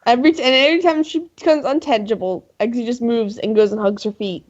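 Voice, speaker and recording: A woman playing a tabletop game who chats in an eager, animated way. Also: on the high side, fast. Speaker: player. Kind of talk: casual chat in a tabletop game. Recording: dull lo-fi stream audio.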